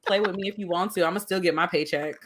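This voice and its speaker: A woman in casual chat, sassy and playful, quick with jokes. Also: lowish voice, heavy background noise. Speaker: podcast co-host.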